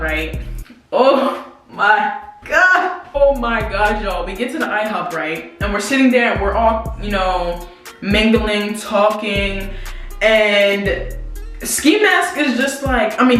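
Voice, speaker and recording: A young woman telling a story to her viewers in a lively, slangy way, talking straight to them. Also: mid-range voice, normal speed. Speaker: vlogger. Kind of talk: casual storytelling to camera. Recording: very echoey room, distant mic, faint music.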